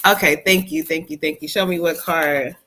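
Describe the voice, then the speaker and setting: A woman psychic medium, doing a live-stream tarot reading, animated and often laughing as she quotes spirits in a sassy voice. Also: low voice, moderate pace, slight background noise.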